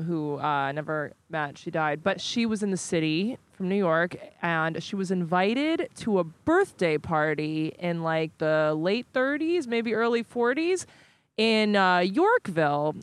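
A woman guesting on a comedy podcast, telling stories in a rambling way with many fillers and sudden jumps in pitch. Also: no echo. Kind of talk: casual comedy podcast chat.

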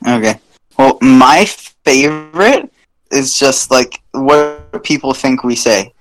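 A man's voice: mid-range voice, slow, soft background music, low-quality recording. A man from Canada co-hosting a podcast in a hesitant, casual comedic chat. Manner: hesitant, full of fillers. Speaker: podcast co-host.

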